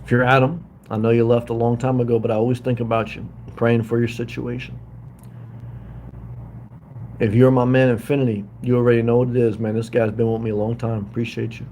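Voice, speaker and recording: A middle-aged man talks loosely and warmly off the cuff, drifting between topics and calling out his viewers by name. His pitch sits in an ordinary middle range. A faint hiss of room noise sits under his voice. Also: little pitch movement, a little fast. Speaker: livestream host living in a hotel. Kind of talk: casual livestream chat reading comments. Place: hotel room.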